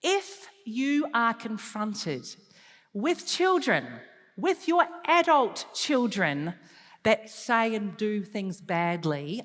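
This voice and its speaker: A woman giving a lively counselling talk to an audience, moving from loud emphasis to soft, hushed advice. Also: mid-range voice. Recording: long hall reverb.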